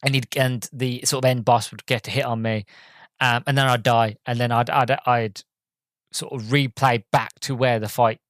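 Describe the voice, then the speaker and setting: A man's voice: medium pitch, fairly even intonation, normal speed, a bit bright, dry recording. Man rambling through a game review. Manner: rambling, frequent ums and restarts. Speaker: podcast host. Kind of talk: casual solo game review.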